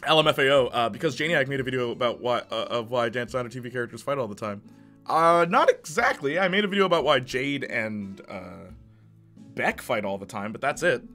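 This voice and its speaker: A male streamer chats with his viewers in a loose, joking way and laughs often. His voice is bright and forceful. Faint music plays behind him. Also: medium pitch, lively intonation, a little fast. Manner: jokey, laughs often, talks to chat. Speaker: live streamer. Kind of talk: casual live-stream chat.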